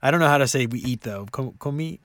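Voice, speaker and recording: Male podcast co-host, 30s, chatty and rambling, mid-pitched voice, dry close recording. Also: fast talker, dry recording. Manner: animated, rambling, laughs often. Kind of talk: casual chat.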